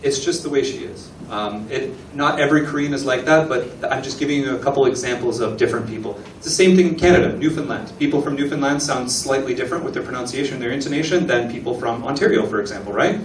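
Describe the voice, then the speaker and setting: A man gives a relaxed talk to a live audience, pausing to ask questions and act out small exchanges. His voice sits at an average pitch and is picked up from across a reverberant room, with faint ambience underneath. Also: a little hiss or hum. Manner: chatty, asks the audience questions, acts out little dialogues. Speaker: guest speaker at an embassy talk. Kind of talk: lecture presentation to an audience. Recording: echoey room recording from a distance.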